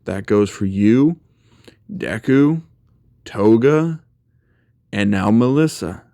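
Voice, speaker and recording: A man's voice: lowish voice, expressive, slow, gravelly, mellow, no room sound, studio quality. A man casually retelling a fan story in a rambling, conversational way, full of fillers.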